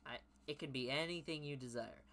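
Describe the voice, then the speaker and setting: A man voicing a calm young man who can freeze time, read quietly and evenly in a bright voice. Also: mid-range voice, fairly quick, natural voice.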